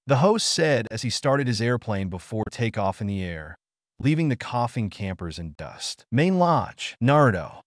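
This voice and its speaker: A man narrating fan fiction in an even storybook reading. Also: medium pitch, normal speed, no echo, clean studio sound.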